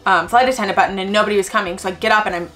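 A woman's voice: medium pitch, racing, soft background music. Chatty young woman telling a travel story. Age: 20s. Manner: chatty, animated, acts out quoted voices, frequent "like". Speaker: travel vlogger. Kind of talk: casual storytelling.

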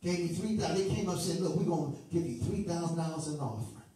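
With a warm tone, a slightly high pitch and a quick pace, a man preaches fervently. His sermon shifts between sing-song chanting and joking remarks to the congregation. The recording is distant and echoey, with music behind.

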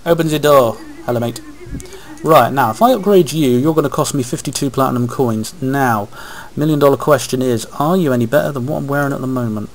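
Guy rambling thru a let's play, chatty, talks to himself, webcam mic, middle pitch. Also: fairly quick, slight background noise, poor audio. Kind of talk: casual gameplay commentary. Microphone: webcam microphone.

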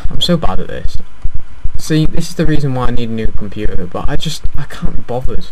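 A man's voice: mid-range voice, expressive, brisk. A young man giving casual, self-deprecating commentary while playing a video game. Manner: chatty, self-deprecating, easily frustrated. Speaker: gaming YouTuber. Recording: noisy home mic recording.

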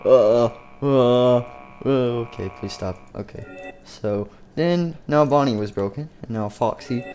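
A man casually narrating a game story in a rambling, halting way. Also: mid-range voice, darkish tone, soft background music. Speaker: youtuber.

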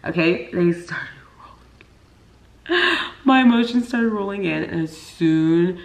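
A woman's voice: lowish voice, animated, slow. A young woman chatting in a gushing, chatty way at home, full of "like" and laughter. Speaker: vlogger, bride. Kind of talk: casual chat.

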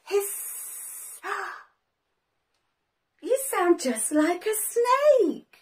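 A woman presenting a toddler learning video as a children's teacher, talking in an exaggerated, sing-song way with excited gasps and praise. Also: very high-pitched, extremely slow.

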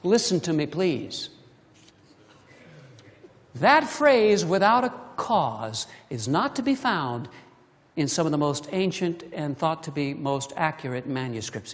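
In a church sanctuary thick with long hall reverb, an animated preacher delivers a sermon, pressing the congregation with rhetorical questions. The unhurried, mid-range voice rises and falls vividly, leaping between loud emphasis and hushed, intimate asides.

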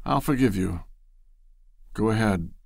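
A man reading a storybook aloud, voicing an earnest gentleman who speaks firmly and soothingly. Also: on the low side, expressive, measured pace, vocal fry, no room sound, clean studio sound, full character voice. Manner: firm, soothing. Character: grave, earnest older gentleman suitor.

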